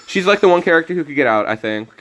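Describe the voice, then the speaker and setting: A man's voice: fairly high pitch, expressive, racing, fairly bright tone. A young man streaming a card game, talking in a laid-back, jokey way and often mumbling his asides. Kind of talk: casual gameplay commentary. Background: faint music.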